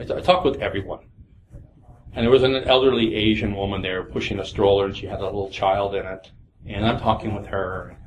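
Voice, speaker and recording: A man's voice: on the low side, low-quality recording. A man speaking at a small meetup, telling personal stories in an earnest, anecdotal way with frequent restarts. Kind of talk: personal storytelling talk. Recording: faint background noise.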